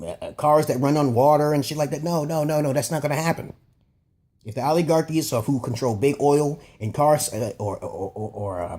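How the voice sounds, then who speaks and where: Man, mellow husky voice, profane emphatic rant, rambling vlog monologue, repeats himself. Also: fairly high pitch. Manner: profane, emphatic, keeps asking "okay?"; repeats and restarts phrases. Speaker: vlogger.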